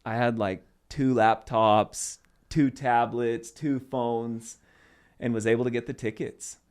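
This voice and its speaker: A young man from Arizona chats casually on a podcast as a guest comedian. He tells his stories in an animated way, with loose fillers and restarts, in a voice of ordinary pitch. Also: takes it slowly, clear, resonant tone.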